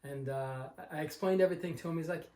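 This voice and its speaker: A man's voice: a little high, fast talker, dark tone. A man from Long Island casually telling a rambling story about finding a car and acting out the people in it. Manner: rambling, anecdotal, acts out the other people in his story. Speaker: car collector vlogger. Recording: echoey room.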